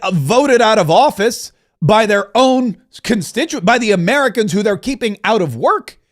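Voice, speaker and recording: A man hosting a political talk show, delivering animated, mocking opinion rants that race ahead and restart. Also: sits high.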